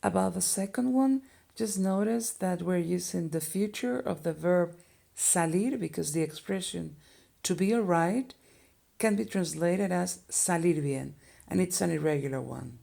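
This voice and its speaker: A woman's voice: fairly low pitch, measured pace, gravelly, dark tone. A woman with a Spanish accent teaching basic Spanish phrases in English, patiently explaining each phrase step by step. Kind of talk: language lesson explanation.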